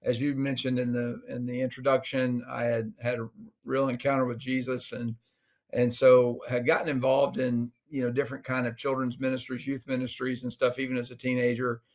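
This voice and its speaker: A man's voice: medium pitch, flat delivery, a little fast. A man in his sixties, a pastor, talking casually in an interview, chuckling and restarting his sentences.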